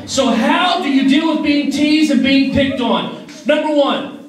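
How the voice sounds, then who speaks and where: A man preaching an energetic youth sermon, joking and leading call-and-response with a crowd in a large hall. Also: very high-pitched, a little slow, very noisy. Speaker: youth pastor. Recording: echoey hall from far off.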